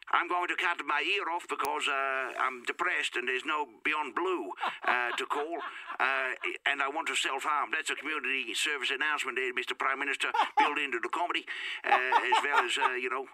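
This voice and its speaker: A man's voice: sharp tone, low-quality recording. A man putting on a string of silly caller characters, among them a stereotypical Dutchman, for a comedy impressions bit. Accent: put-on Dutch. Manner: goofy, theatrical, sings in a put-on high voice. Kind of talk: comic impressions on a prank voicemail segment.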